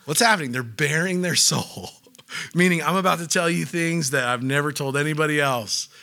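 A young man preaching a sermon with an easy, joking style. His voice sits high and bright. He breaks into short acted-out voices to make his points. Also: moderate pace, gravelly. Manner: animated, joking, acts out voices. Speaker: pastor.

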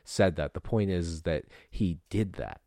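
A man's voice: deep voice, unhurried, dark tone, no echo. A man in casual podcast talk who asks pointed questions in a dry, wry way.

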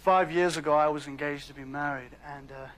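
An actor playing a wounded, fiery one-handed baker in a film drama, brooding and prone to shouting. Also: male voice, a little high, fairly even intonation, a little fast, lightly acted. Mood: bitter, brooding. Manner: brooding, then bursts into shouting.

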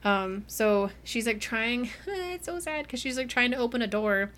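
A young woman with a fairly high voice chats about a book she loves, recapping scenes with plenty of laughs and fillers. She is a co-host on a casual podcast, quick to act out small bits of the story as she goes. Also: a little hiss or hum. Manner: animated recapping with frequent laughter and many "like" fillers.

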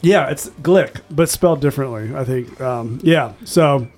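A man's voice: medium pitch, unhurried, darkish tone. A man hosting a casual beer-tasting podcast, telling rambling, easygoing stories. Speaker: podcast host.

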